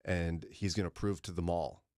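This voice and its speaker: A man's voice: sits low, fairly even intonation, normal speed, a little mellow. A man hosting a morning radio talk show, chatting casually and telling stories with dry, self-deprecating humor. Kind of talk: casual studio chat.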